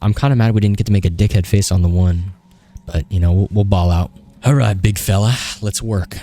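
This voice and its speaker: A man's voice: low-pitched, fairly quick. A young man casually commenting while playing a video game, swearing often and talking to the characters. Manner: profane, excitable, talks to the game. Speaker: gaming video host. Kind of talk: casual let's-play commentary.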